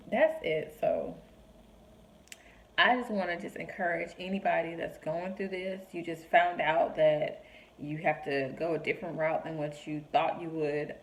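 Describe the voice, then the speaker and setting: A woman's voice: lowish voice, a little hiss or hum, rough recording. A young woman talking earnestly to camera about her faith, encouraging listeners and acting out quoted voices. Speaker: vlogger sharing faith reflections. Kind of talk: heartfelt personal talk to camera.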